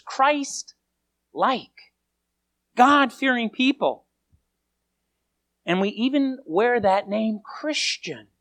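A preacher giving a sermon, telling a story with animated delivery and often repeating the first word of a line. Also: mid-range voice. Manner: animated storytelling, repeats words when starting lines.

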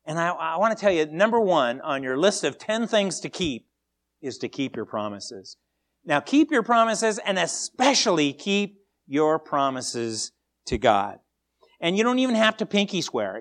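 A man preaching a sermon as pastor, emphatic and animated, often repeating words as he starts a sentence. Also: a little high, measured pace.

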